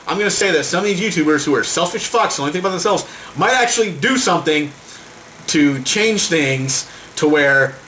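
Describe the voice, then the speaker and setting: Exasperated man ranting, lively bright voice. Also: on the high side, slight background noise, rough recording. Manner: profane, exasperated, stumbling over repeated words. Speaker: vlogger. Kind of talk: heated rant to camera.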